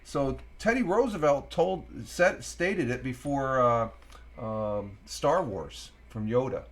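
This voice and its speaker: Speaking at a medium pitch with an animated delivery, a middle-aged host from Upstate New York chats through a casual morning live stream. He rambles, leans on many fillers, and takes quotes slowly when reading them out.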